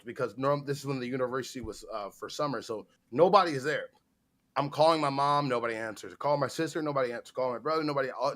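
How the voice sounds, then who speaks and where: A man's voice: on the high side, fairly bright tone. Man rambling casually with profanity. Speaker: podcast co-host. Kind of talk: casual chat.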